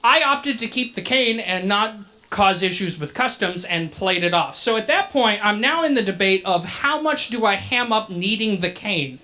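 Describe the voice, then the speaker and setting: Bright-voiced joking male emcee. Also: high voice, lively intonation, normal speed. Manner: joking, chatty filler banter. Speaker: masquerade emcee. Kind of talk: live emcee storytelling. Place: convention event hall. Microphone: handheld microphone.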